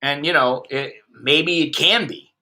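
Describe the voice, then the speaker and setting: Somewhat slow, with a high, bright and forceful voice, this American vlogger in his fifties is an expat. He chats with his livestream viewers, ranting bluntly and with plenty of profanity.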